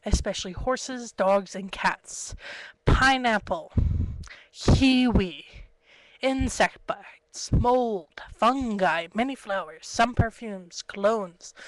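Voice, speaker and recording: Slow-talking young woman rambling on webcam. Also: medium pitch, dry recording, poor audio. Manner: chatty, giggly, jumps between stories. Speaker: webcam vlogger. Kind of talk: rambling casual webcam vlog. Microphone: built-in webcam mic.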